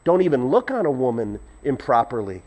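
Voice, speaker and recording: A man preaching a sermon as pastor, animated and acting out voices, with sudden loud whoops. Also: mid-range voice, fairly quick.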